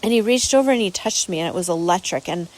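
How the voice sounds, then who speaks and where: A woman's voice: on the low side, expressive, fast, a little mellow, low-quality recording. A woman hosting a podcast, telling a personal story casually in an earnest, rambling way, with many repeated words and restarts. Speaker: podcast host.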